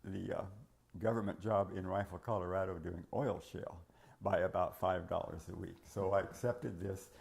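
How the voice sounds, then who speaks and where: A man's voice: sits low, steady tone, normal speed, creaky, a little mellow. An older man recalling his early working years in an oral history interview, rambling with many fillers and restarts, his voice cracking at times.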